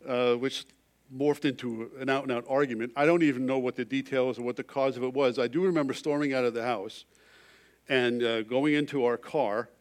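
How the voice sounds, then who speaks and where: A middle-aged male pastor tells a personal story in a sermon, his loud emphasis dropping to a hushed, confessional tone. He has a mid-range voice.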